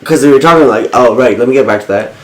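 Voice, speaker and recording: A man's voice: mid-range voice, fast, echoey room, low-quality recording. A man co-hosting a casual chat podcast, playful and teasing, laughing often. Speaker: podcast co-host.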